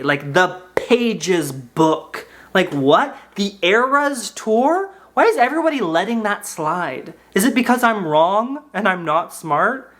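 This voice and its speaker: Young male comedian, sarcastic and mock-indignant, with a very lively, bouncing delivery. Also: high-pitched. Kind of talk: comedic monologue to camera.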